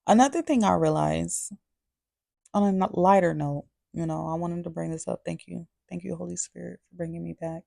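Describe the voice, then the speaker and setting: A woman's voice: on the low side, moderate pace, gravelly, warm tone, no echo, clean studio sound. A woman vlogger giving a candid, confessional testimony to camera, earnest and repeating her phrases for emphasis. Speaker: faith vlogger.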